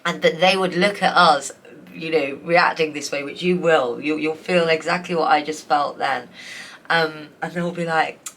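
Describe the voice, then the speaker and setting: A woman's voice: sits low, moderate pace, a bit bright. Tearful, effusive woman reading tarot. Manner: emotional, effusive, rambling with many restarts and fillers. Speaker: tarot reader. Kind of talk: pick-a-card tarot reading.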